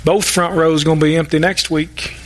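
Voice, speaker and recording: A man's voice: fairly high pitch, level tone, moderate pace, very noisy. A male pastor preaching a sermon, folksy and emphatic, with joking asides and mock-sarcastic quotes.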